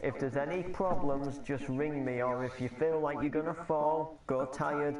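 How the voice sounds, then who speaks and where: A man's voice: on the high side, fairly even intonation, normal speed, lightly acted. A cheerful postman, played by a man, chatty and caring, breaking into little songs. He is heard from a distance in a roomy, echoing space. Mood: cheery. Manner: chirpy, sings to himself. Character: cheery northern postman, caring adult son. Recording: echoey room, distant mic.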